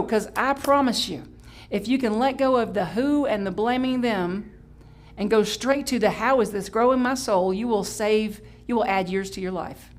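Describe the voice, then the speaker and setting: A woman pastor preaching a Sunday sermon in a chatty, playful way, breaking into sudden high exclamations and correcting herself as she goes. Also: moderate pace. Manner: chatty, with restarts and self-correction. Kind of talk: live-streamed Sunday sermon.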